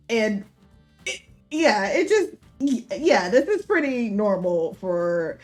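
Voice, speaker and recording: A young adult woman streamer reading a visual novel aloud, giggly and flustered, with loud outbursts. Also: mid-range voice.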